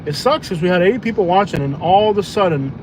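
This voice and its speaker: A man's voice: sits high, animated, quick pace. A man, chatting loosely and joking while driving for food delivery on a live stream. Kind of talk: casual livestream chat while driving. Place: inside a car on the road. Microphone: phone on live stream. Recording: noisy car cabin.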